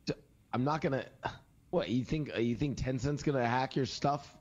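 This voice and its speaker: A man's voice: mid-range voice, normal speed, highs cut off, background noise, close to an everyday voice. A man playing a pushy, impatient city mayor in game role-play.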